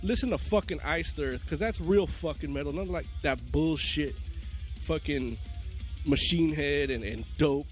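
A man's voice: on the high side, a little slow, faint music behind. A man hosting a heavy metal news segment, ranting crudely and mocking with constant swearing. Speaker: podcast segment host. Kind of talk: profane ranting commentary.

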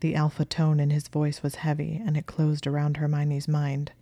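Woman narrator for an audiobook-style story read: low, dark, even, close and dry. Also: moderate pace, no echo. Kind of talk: audiobook reading of fan fiction.

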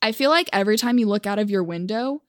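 A woman's voice: mid-range voice, animated, quick pace, no echo, clean studio sound. A young woman from Oklahoma telling a personal story for a vlog in a wry, self-mocking, chatty way.

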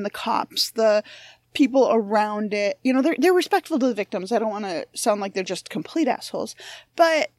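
A woman's voice: on the high side, dry recording. A woman hosting a true-crime podcast, talking casually and frankly, with plenty of swearing and self-deprecating asides. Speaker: podcast host. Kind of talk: casual monologue intro.

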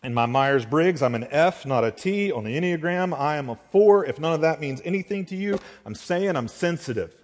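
A man's voice: a little high, lively intonation, a little fast, few pauses. A male pastor, preaching a heartfelt sermon. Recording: long reverb of a large hall.

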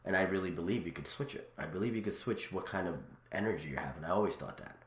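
Fast-talking deep-voiced man, rambling chat. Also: roomy sound. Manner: rambling, animated storyteller with many restarts. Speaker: guest. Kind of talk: casual chat.

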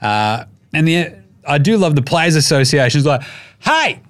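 A man's voice: fairly high pitch, lively intonation, moderate pace, no room sound. An Australian man hosting a casual sports podcast, talking in an irreverent, jokey and profane way. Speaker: podcast host.

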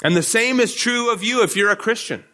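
A man's voice: high-pitched, brisk, bright, forceful tone. A male pastor giving an earnest expository sermon, often repeating words as he restarts his phrases.

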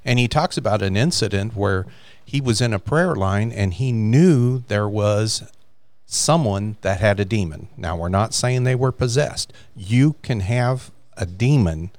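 A man's voice: lowish voice, lively intonation, unhurried, darkish tone, no room sound. A man co-hosting a faith podcast, earnestly retelling a story from a book in casual chat. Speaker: podcast co-host.

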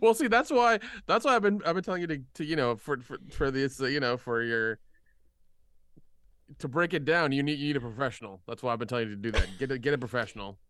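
Male co-host, bright smooth voice, stammering crude banter. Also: mid-range voice, fast talker, no room sound. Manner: laughing, stammering, crude joking. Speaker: podcast co-host. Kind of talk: casual chat.

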